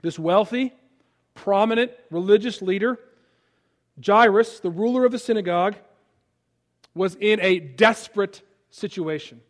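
A pastor in his thirties delivers a sermon in a notably high voice. He moves between soft, hushed storytelling and loud, impassioned peaks. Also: a little slow, pauses often. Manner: dynamic preaching, quiet and hushed in stories, rising to loud peaks.

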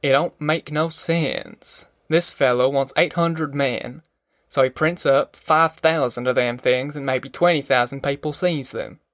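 A man's voice: mid-range voice, fairly even intonation, unhurried, fairly bright tone, no room sound, studio quality. A man voicing a bitter, worn-down male migrant in an audiobook, with a sly, mocking manner and a drawl. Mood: weary. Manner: sly, mocking giggles turning grim and weary.

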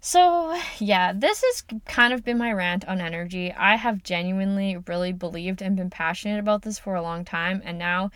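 A woman's voice: medium pitch, moderate pace, few pauses, fairly bright tone, dry recording, clean studio sound. A woman hosting her own podcast, talking in a chatty, upbeat way with plenty of "like" and "um". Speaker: podcast host and coach. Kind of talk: casual solo podcast talk.

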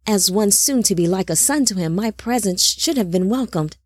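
A woman's voice: medium pitch, lively intonation, moderate pace, dry recording, clean studio sound, natural voice. A woman voicing a nervous young male servant who talks himself in and out of his own worries. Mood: anxious, self-doubting. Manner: nervous, self-doubting muttering to himself.

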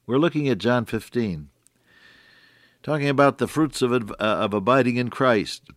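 A man's voice: mid-range voice, moderate pace, no echo, clean studio sound. A man preaching a radio sermon in a folksy, earnest way, stretching out key words for emphasis.

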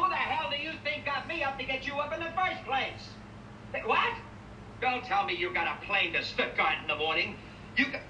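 A man's voice: very high-pitched, bright, forceful tone, full character voice. An actor playing a frazzled middle-aged New York man who is cracking up, ranting and complaining in a film clip. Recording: roomy distant film audio with faint noise.

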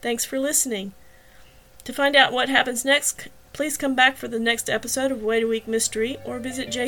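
A woman reading her own novel aloud as an audiobook, in clear, steady first-person narration. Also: on the high side, a little fast, soft background music.

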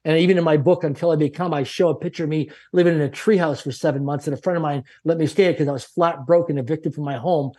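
Man, middle-aged, from Canada, husky, raised pitch, emphatic, repeats himself, confident. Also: steady tone, quick pace, hardly any pauses, warm tone. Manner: emphatic, repetitive, self-assured. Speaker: interview guest. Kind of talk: motivational storytelling.

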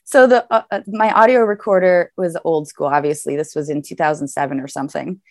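Woman, from the American South, casual chat, animated storyteller, laughs a lot, fairly low voice, dry sound. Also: brisk, no echo.

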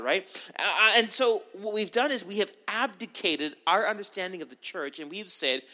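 A middle-aged man from Canada preaching as a pastor in a conversational sermon style, with animated delivery and frequent asides. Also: high voice, brisk.

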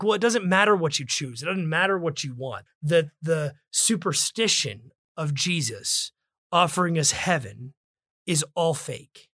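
A man's voice: fairly high pitch, fairly bright tone, no room sound, clean studio sound. A man hosting a book discussion podcast, talking in an emphatic, preacher-like way. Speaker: podcast host.

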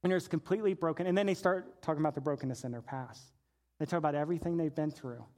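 High-voiced man preaching a sermon. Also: fast. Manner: storytelling, swings from hushed to shouting. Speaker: pastor.

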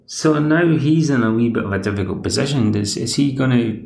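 A man's voice: mid-range voice, a little fast, gravelly, few pauses, reverberant, a little hiss or hum. A Scottish man hosts a podcast, recapping a TV episode in a chatty, rambling way. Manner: chatty, rambling, plays the characters' lines himself. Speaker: podcast host.

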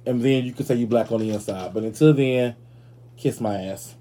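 A man hosting a podcast in casual commentary, sassy and animated, swearing freely. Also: mid-range voice, normal speed. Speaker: podcast host.

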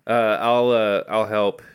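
A young man playing a tabletop game, animated and rambling with frequent laughs. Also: fairly low pitch, slow, clear, resonant tone, no room sound, studio quality. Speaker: player. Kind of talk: casual tabletop role-play.

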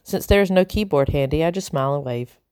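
Low-voiced woman reading a storybook. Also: fast, a little mellow, clean tone, no echo, clean studio sound. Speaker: audiobook narrator. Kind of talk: storybook narration.

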